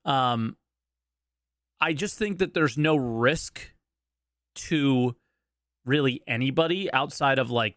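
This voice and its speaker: A man's voice: mid-range voice, slow, long pauses, a bit bright, dry recording, clean studio sound. A man giving casual reaction commentary as a streamer, blunt and skeptical, pushing back on what he hears.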